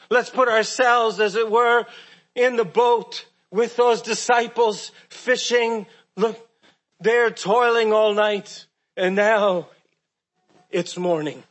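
High-pitched guy preaching slow, earnest, lots of rhetorical questions, drops quiet on big words. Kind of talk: sermon.

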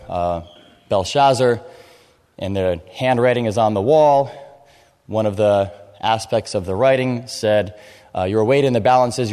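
A man preaching an expository sermon, explaining scripture in a measured way and reading verses aloud. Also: lowish voice, a little mellow. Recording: long hall reverb.

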